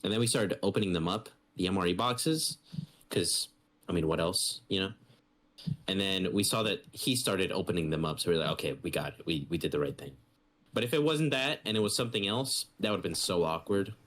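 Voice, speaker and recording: Young male co-host, low voice, loose and profane storyteller. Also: fairly quick. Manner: animated storyteller, swears freely, mimics others. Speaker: podcast co-host. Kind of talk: casual podcast chat.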